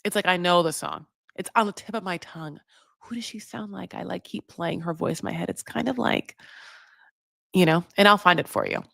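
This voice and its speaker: Rambling woman recapping TV, low voice. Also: brisk, gravelly, a bit bright, no room sound, clean studio sound. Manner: rambling, full of "like" and "you know". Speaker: recap vlogger. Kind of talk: casual TV recap.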